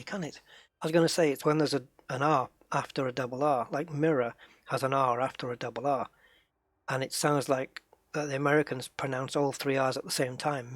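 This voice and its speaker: A game streamer from the United Kingdom with an English accent chats casually with his viewers during a live stream, thinking aloud as he plays. His voice is a little high, and the recording is dry.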